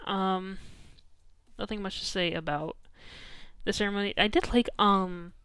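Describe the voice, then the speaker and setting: Chatty young woman, smooth clear voice. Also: medium pitch, fairly even intonation, a little slow, a bit bright, no room sound, clean studio sound. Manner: chatty, peppered with "like" and "um", laughing often. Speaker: streamer. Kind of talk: casual storytelling chat.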